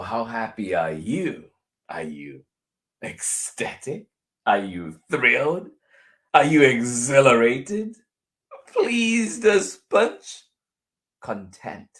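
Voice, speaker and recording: Slow, lively man reading to children. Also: lowish voice. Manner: playful, expressive, drops to whispers. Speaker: children's story time host. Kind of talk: reading a picture book aloud to children.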